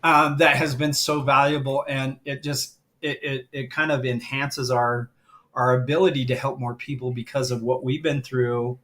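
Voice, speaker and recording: A man's voice: medium pitch, flat delivery, normal speed, fairly bright tone. A middle-aged man speaking as a guest on a live stream, telling a heartfelt story and getting emotional as he talks. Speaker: guest, grief coach.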